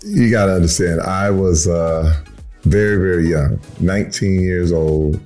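Man, 50s, from Flint Michigan, low voice, hesitant, self-deprecating, faint music behind. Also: measured pace, dark tone. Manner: hesitant, self-deprecating, many restarts and fillers. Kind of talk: casual storytelling chat.

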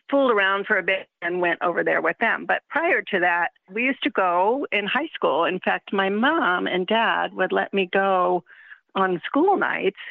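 A woman's voice: on the low side, vocal fry, no room sound. A woman, a longtime fan interviewed, casually and chattily recalling her youth. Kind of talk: casual recollection. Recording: tinny phone line.

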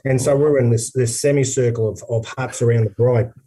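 An Australian man spins a tour story in casual chat, his voice warm and mellow. He talks with lots of restarts and builds the yarn with energy. He sounds set back a little from the microphone. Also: mid-range voice, fairly quick, slightly rough, recorded from a distance. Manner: animated anecdote teller, many restarts. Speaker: former rugby player, guest.

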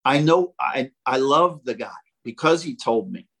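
An older man, a former ballplayer, telling animated stories as a podcast guest and acting out the quotes. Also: mid-range voice, measured pace, gravelly, breathy edge, low-quality recording. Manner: animated, jokey storyteller who acts out quotes. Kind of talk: casual storytelling.

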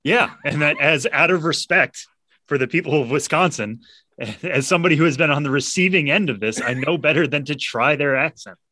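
A man's voice: on the high side, brisk, sharp tone, no echo. A man co-hosting a casual podcast, wry and laughing as he talks. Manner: wry, laughing, self-aware. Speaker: podcast co-host.

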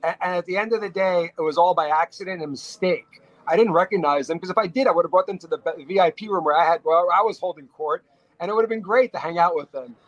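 A middle-aged man from New York, a restaurateur telling stories as a podcast guest, talking in quick bursts with frequent restarts. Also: sits high, dry recording, lo-fi sound. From New York, USA. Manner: animated storyteller, talks fast in bursts with frequent restarts. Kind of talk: casual storytelling interview.

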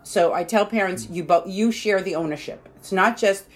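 A woman's voice: medium pitch, moderate pace. Woman explaining parenting advice. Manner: explanatory, often says "you know", acts out quoted parents and kids. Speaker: parenting author and counselor. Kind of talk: conversational interview answers.

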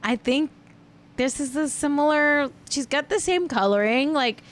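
A woman's voice: sits high, measured pace. A woman hosting a casual celebrity gossip stream, chatty and rambling, breaking into sing-song riffs. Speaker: host.

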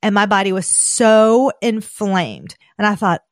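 A woman in her thirties from the American South, with a Southern accent, chatting casually as a podcast host and gushing with excited exclamations. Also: medium pitch, unhurried, few pauses, dry recording, studio quality. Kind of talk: casual chat.

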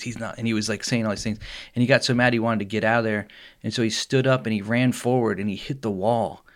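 A man co-hosting a podcast, telling a story in a casual, animated way. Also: mid-range voice. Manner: animated storyteller, laughs often. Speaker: podcast co-host.

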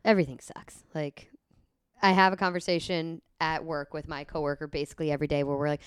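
A young woman co-hosting a podcast, with wry, deadpan comments and short replies. Her voice is a bit low and smooth, recorded close and dry. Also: fairly quick, dry recording. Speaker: podcast co-host. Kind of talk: casual chat.

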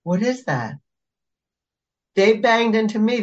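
A woman's voice: fairly low pitch, animated, moderate pace, lo-fi sound. A woman podcast co-host who works as a facilitator, talking in a casual, emphatic and exasperated way. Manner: emphatic, exasperated about pet peeves. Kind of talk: casual chat.

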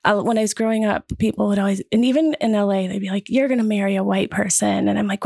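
A woman's voice: mid-range voice, fast talker, vocal fry, few pauses, no room sound, studio quality. A woman in her fifties from Wisconsin, telling personal stories in a casual group talk and acting out the voices of people she quotes. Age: 50s. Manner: lively storyteller, acts out quoted voices. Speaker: podcast guest sharing her story.

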